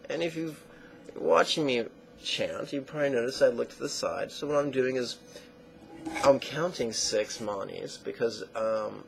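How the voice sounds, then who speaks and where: A man teaching a guided meditation lesson in slow, deliberate phrases that trail off into soft near-whispers. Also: medium pitch, expressive, vocal fry, slight background noise, rough recording.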